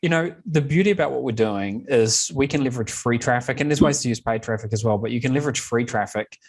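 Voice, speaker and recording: A male host chatting in an interview with a steady, conversational flow. His pitch sits in the middle range. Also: fast talker, slightly rough. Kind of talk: casual interview chat.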